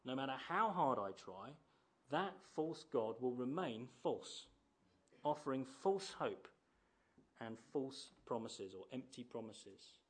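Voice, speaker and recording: A man's voice: medium pitch, lively intonation, takes it slowly, slightly rough. A man in his thirties preaching a sermon in a conversational way, often asking rhetorical tag questions.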